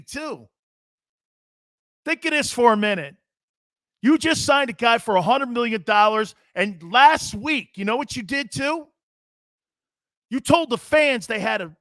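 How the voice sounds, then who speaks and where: A brash male sports talk host fires off rhetorical questions in a slangy, opinionated monologue. His voice sits high and comes out bright and forceful. The sound is dry and close, with little room around it. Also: dry recording.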